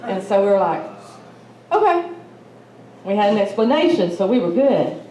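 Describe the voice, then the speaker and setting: A woman's voice: medium pitch, lively intonation, fast, warm tone, lo-fi sound. A middle-aged woman with an East Texas accent, telling a personal story at a symposium in a chatty, folksy way. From Malta, Texas. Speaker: symposium speaker. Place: conference hall. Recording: roomy hall with faint noise.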